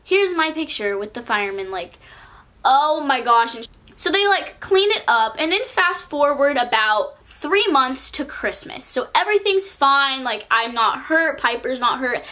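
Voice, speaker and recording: A woman's voice: high-pitched, animated, unhurried, sharp tone. A teenage girl from California telling a storytime vlog in a chatty way, filling her sentences with "like". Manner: chatty, peppers speech with "like". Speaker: vlogger.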